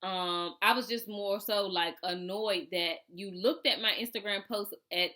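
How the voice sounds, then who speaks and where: Woman vlogger, bright voice, chatty storytime. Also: medium pitch, unhurried. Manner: chatty, animated, acts out her own reactions. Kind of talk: casual storytime vlog.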